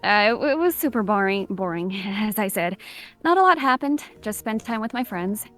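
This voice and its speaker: A woman's voice: mid-range voice, lively intonation, moderate pace, a bit bright, faint music behind, natural voice. A woman voice actor playing a nervous young schoolgirl who hesitates and laughs uneasily. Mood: hesitant.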